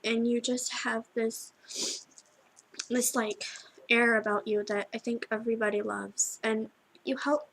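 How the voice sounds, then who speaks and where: A teenage girl recording a tearful video message to her best friend, halting and full of restarts as she cries. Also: a little high, level tone, a bit bright, poor audio. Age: teens. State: crying. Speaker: vlogger.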